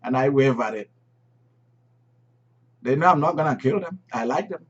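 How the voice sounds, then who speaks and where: A man preaching a sermon, emphatic and repeating key phrases, swinging between loud and soft. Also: medium pitch, lively intonation, moderate pace, breathy edge. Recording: dull lo-fi recording.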